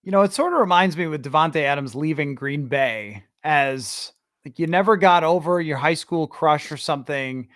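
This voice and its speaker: A man hosting a sports podcast, ranting in animated, sarcastic casual chat. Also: fairly high pitch, moderate pace, no room sound, studio quality. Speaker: podcast host.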